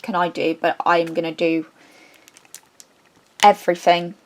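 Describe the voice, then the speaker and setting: A woman, a craft vlogger chatting casually and retelling a story in a rambling, animated way with many restarts. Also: on the low side, measured pace.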